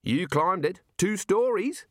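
A man voicing a cheerful elderly wizard leader in a high, lilting, drawn-out voice. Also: animated, fairly bright tone, no room sound, studio quality, exaggerated voice. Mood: breezy.

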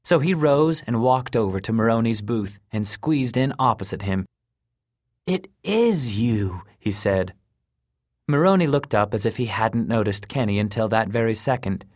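A man's voice: on the low side, normal speed, no room sound. Man narrating a story, dry close sound.

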